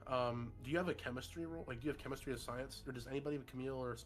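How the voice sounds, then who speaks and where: Over a voice call, a man acts as game master for a horror tabletop session, narrating loosely and casually in a medium-pitched voice at a racing pace. He uses lots of fillers like "um" and "like," and soft music plays in the background.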